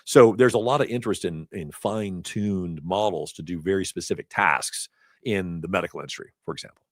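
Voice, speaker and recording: Low-voiced man teaching a class. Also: a little fast, no room sound, studio quality. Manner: chatty, storytelling asides with laughs. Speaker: instructor. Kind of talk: casual lecture. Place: classroom or event hall.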